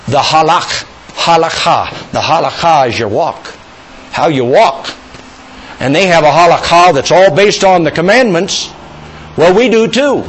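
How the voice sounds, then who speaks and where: An older male preacher delivers a sermon in a high voice that swoops up and down with animation. He keeps putting questions to his congregation and calling for amens. His delivery rises and falls freely through the whole message. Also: slightly rough, rough recording.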